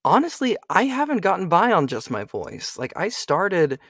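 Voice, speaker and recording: A man's voice: high voice, moderate pace, breathy edge, no room sound, studio quality. A young adult man, a voice actor, chatting casually in an interview with lots of fillers. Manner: animated, chatty, frequent fillers. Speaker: voice actor guest.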